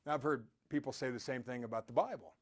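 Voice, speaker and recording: A man's voice: mid-range voice, quick pace. A man giving a rambling, storytelling motivational talk as a podcast host.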